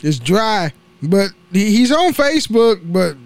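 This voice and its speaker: A man's voice: high voice, very animated, a little slow, dry recording. A young man hosting a casual solo podcast, rambling and swearing freely, often laughing at his own slips. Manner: rambling, profane, laughs at himself. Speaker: podcast host.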